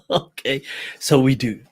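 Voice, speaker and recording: Animated man telling a personal story. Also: medium pitch, slow pace. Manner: animated, laughs often, acts out quoted voices. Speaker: host. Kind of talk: casual storytelling talk.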